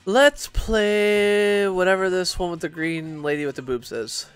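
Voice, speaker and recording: Tipsy male streamer, talkative and profane, voice pitched a bit high. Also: unhurried, smooth, no room sound, soft background music. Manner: rambling, swearing, many restarts and fillers. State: drunk. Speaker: game streamer. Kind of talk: casual rambling chat while gaming.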